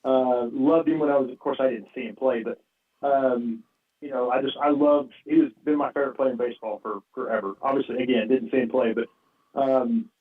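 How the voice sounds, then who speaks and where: Homme excitable sur ligne téléphonique lointaine. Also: male voice, mid-range voice, a little fast. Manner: excitable, says dude and I mean a lot. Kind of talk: casual sports talk. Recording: distant tinny phone-like line.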